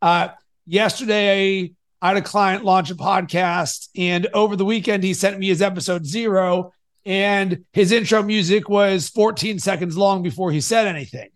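A man hosting a podcast and coaching his guest, energetic, swinging between loud and soft to make his points. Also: high voice, moderate pace. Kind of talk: coaching conversation.

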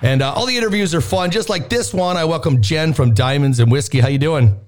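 A man's voice: fairly high pitch, fairly quick, a little mellow. A man with a Canadian accent hosting a radio show, chatting casually with a guest and poking fun at himself. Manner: upbeat, joking, self-deprecating.

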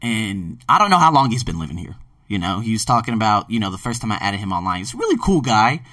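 A man's voice: on the low side, very animated, fast talker, pushed and bright, no room sound, far from the mic. A man from Philadelphia, hosting a podcast in an emphatic, casual monologue that carries some swearing. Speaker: podcast host and ESL teacher.

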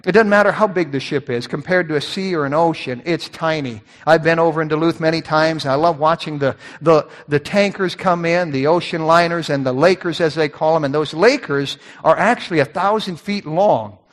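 A man preaching a sermon as a pastor, animated, repeating words and acting out voices. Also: on the high side, brisk, hardly any pauses, in a large hall.

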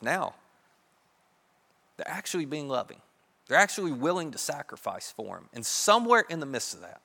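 A man preaching a sermon, telling a story in a lively way and acting out the characters' voices. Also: mid-range voice. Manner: animated, acts out characters' voices. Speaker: pastor. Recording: long reverb of a large hall.

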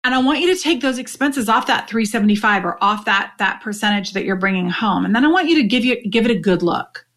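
A woman hosting a podcast, coaching direct sellers in a chatty, animated way and talking straight to her listeners. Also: medium pitch, quick pace, hardly any pauses. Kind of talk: solo podcast talk.

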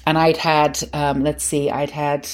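A woman's voice: sits low, little pitch movement, measured pace. A middle-aged woman hosting a podcast and telling a personal story in a candid, conversational, self-mocking way. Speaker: podcast host.

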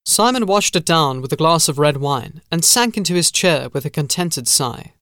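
Man, audiobook narration, measured, slightly high voice, dry sound. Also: animated, sharp tone, dry recording. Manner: measured storytelling.

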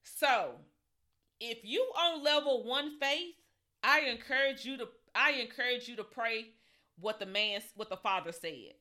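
A woman's voice: on the high side, sharp tone. A woman giving an informal Bible teaching in a conversational, folksy way, often repeating and restarting her phrases.

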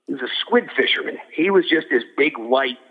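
A man's voice: mid-range voice, lively intonation, brisk, breathy edge. Older boxing cutman telling stories over a phone line. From Philadelphia. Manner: rambling, lots of restarts and fillers. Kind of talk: casual storytelling interview. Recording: phone-like audio with long reverb.

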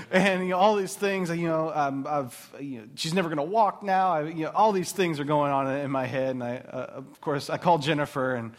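A man's voice: on the high side, moderate pace. A man in his thirties giving a faith talk to mothers, telling rambling personal stories and laughing at himself. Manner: warm, rambling storyteller who laughs at himself. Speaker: speaker at a Christian mothers' gathering.

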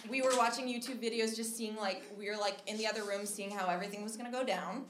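A woman's voice: medium pitch, steady tone, fast. A young woman telling a personal story at a live storytelling show, chatty, full of "like" and restarts, acting out the quotes. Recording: echoey room with faint noise.

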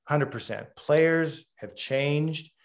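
A man's voice: a little high, very slow. A middle-aged man, a former hockey coach, telling stories bluntly and with emphasis in an interview. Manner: emphatic storyteller; blunt and direct. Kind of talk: casual interview talk.

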